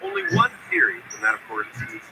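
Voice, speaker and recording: A man's voice: lowish voice, quick pace, noisy background. A man co-hosting a morning sports radio show, bantering and joking as he runs through the program. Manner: jokey, bantering, animated delivery.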